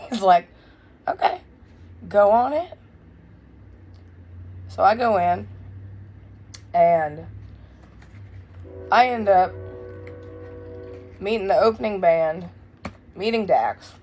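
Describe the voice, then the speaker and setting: A young woman telling a wild story in a casual, blunt, profane way, loud and animated. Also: mid-range voice, very slow, pauses often, soft background music. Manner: blunt, profane, swears freely. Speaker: vlogger.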